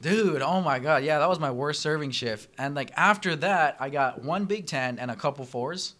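A man guest on a casual podcast, telling profane, animated stories and acting out the people in them. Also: a little high, normal speed. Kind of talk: casual storytelling.

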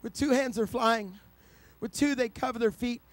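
A man preaching an impassioned sermon, swinging from quiet storytelling to shouted, excited passages. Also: very high voice, normal speed, dry recording.

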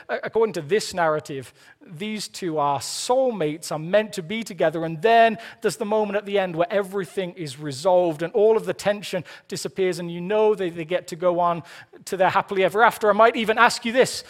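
A man's voice: high-pitched, fairly bright tone. A man preaching a sermon, earnest with playful asides, often repeating the first word of a phrase. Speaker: pastor.

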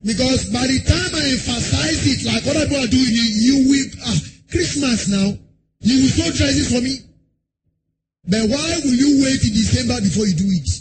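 A male pastor giving a sermon in a church service, chanting lines in a sing-song way, breaking into shouts and firing rhetorical questions at the congregation. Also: very high-pitched, normal speed. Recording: noisy live sermon recording.

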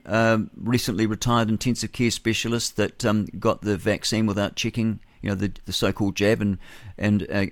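With no room sound at all, a fairly low-pitched male voice carries a New Zealand breakfast radio monologue. The host rambles forthrightly into his studio mic, chuckling and correcting himself as he goes.

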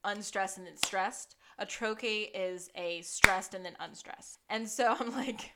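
A woman's voice: medium pitch, measured pace, very noisy. A woman co-hosting a podcast, chatting casually about a TV episode, laughing often and adding playful asides. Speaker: podcast co-host. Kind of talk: casual recap chat.

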